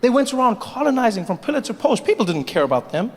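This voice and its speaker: Animated stand-up comedian in a live hall. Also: male voice, very high voice, fast talker. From Africa. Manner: animated, mocking, building to punchlines.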